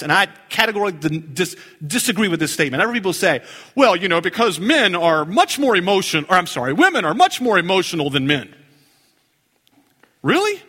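A middle-aged male pastor preaching with a high, bright voice that swings widely in pitch. He takes his time, lingering on words, and the sound rings with long hall reverb. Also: breathy edge. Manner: animated, dips into low hushed emphasis and jumps high for jokes. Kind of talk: sermon.

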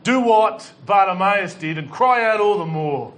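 A man's voice: high voice, lively intonation, measured pace, fairly bright tone. A male pastor preaching a sermon to a congregation, fervent and exhorting, with dry humorous asides. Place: church hall with congregation.

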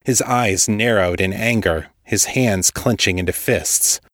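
A man narrating a story as a podcast host, reading in a steady, measured way. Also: lowish voice, no echo, studio quality. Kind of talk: scripted audiobook narration.

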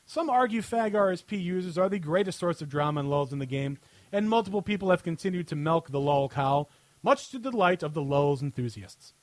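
With a fairly high pitch, lively intonation, and a fairly quick delivery, a male podcast host reads a satirical article sarcastically and laughs a lot. There's no echo.

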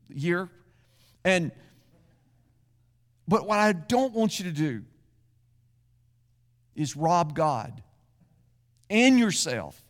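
High-voiced pastor preaching in a reverberant hall. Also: male voice. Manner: conversational preaching with acted asides. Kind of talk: sermon. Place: church sanctuary.

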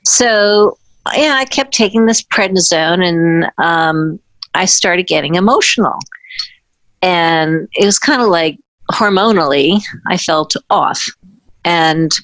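A woman with a lower voice recounts a story from her dancing career, stopping and restarting sentences as she goes. She slips into other people's voices when she quotes them. The sound is dry and close. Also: fairly bright tone, no echo. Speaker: former ballet dancer recounting her career. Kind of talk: personal anecdote.

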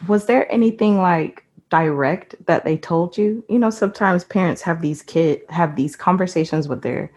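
Low husky lady host asking questions, chatty and curious. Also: normal speed, few pauses, darkish tone. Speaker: interviewer. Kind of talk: casual interview chat.

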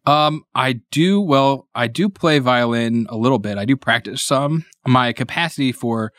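A male priest from Indiana tells a story in a lively, self-mocking way and laughs easily. His voice sits at an ordinary middle pitch. It is recorded close on a mic, dry with no room sound. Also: normal speed, no echo. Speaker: priest, interview guest. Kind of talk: casual storytelling.

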